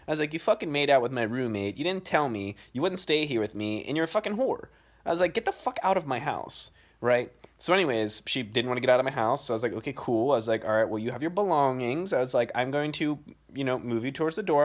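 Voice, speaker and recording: Young male host, rapid, blunt, profane storyteller. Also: mid-range voice. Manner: profane, blunt, fast-talking. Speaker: podcast host. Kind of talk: casual storytelling.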